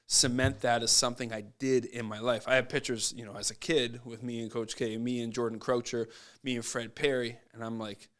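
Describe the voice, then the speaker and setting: A man guesting on a podcast as a basketball coach, telling stories in a casual, animated way and acting out what people said. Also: mid-range voice, brisk. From Nova Scotia, Canada. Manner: animated, acts out quoted voices. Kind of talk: casual storytelling.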